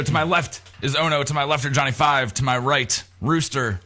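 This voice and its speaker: Bright-voiced jokey male radio host. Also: mid-range voice, animated, moderate pace, faint music behind. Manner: jokey, rambling, teasing the co-hosts. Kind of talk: casual joking radio banter.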